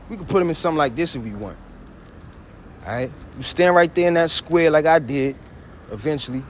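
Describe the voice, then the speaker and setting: A man's voice: medium pitch, a little hiss or hum. A man vlogging outdoors, rambling in a heated, preachy way, quoting scripture and trailing off into mutters. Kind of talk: rambling street vlog with scripture quotes.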